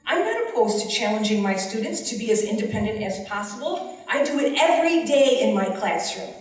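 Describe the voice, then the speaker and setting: Western new york teacher lady pleading her case, bit high voice, echoey hall, mic far off. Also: very animated, a little fast. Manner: earnest, pleading, voice rising with emotion. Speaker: special education teacher testifying. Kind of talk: public testimony at a hearing. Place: large hall, heard from a distance.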